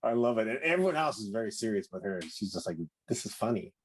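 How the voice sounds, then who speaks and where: A man's voice: on the low side, animated, quick pace. A man co-hosting a podcast in casual chat, asking lots of questions and laughing often. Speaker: podcast co-host.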